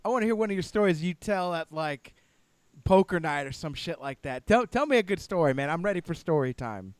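A man hosting a podcast, talking in an excitable, enthusiastic way and casually tossing in "man" and "dude". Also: on the high side, brisk, clear, resonant tone, no room sound. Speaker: podcast host.

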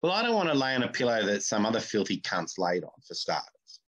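A man co-hosting a comedy podcast, chatting casually in a blunt, crude, deadpan way. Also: fairly low pitch, fast talker. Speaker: podcast co-host.

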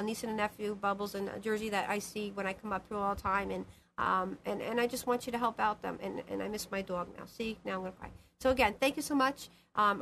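A woman's voice: fairly high pitch, a bit bright, slight background noise. A woman hosting a live call-in show as a psychic medium, talking in a rambling, emphatic way and repeating herself. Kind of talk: casual live call-in chat.

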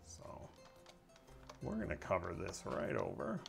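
Male game streamer, animated pitch, chatty play-by-play with excitable outbursts. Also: measured pace, vocal fry, faint music behind. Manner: chatty, talks to viewers while playing. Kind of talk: casual gameplay commentary.

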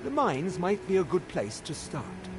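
An actor voicing a chatty, ambitious male dark elf shopkeeper in a video game, talking like a salesman. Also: high voice, big pitch swings, measured pace, a loud crowd. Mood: salesy. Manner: salesman-like, boastful. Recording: game audio with background noise.

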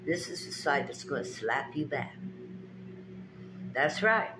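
A woman's voice: deep voice, expressive, takes it slowly, background noise. A woman giving a spiritual pep talk with tarot readings, speaking to her viewers in a preachy, emphatic, folksy way with lots of repetition. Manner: folksy, direct address to viewers.

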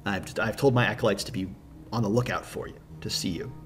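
A man's voice: on the low side, quick pace, recorded from a distance, soft background music, natural voice. A man voicing a big bearded bishop, earnest and prophetic, speaking solemnly and repeating himself.

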